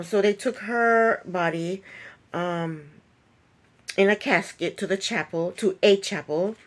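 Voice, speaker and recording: A woman talking through a reality TV episode recap in a casual, opinionated way, with many ums. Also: lowish voice. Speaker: recap vlogger.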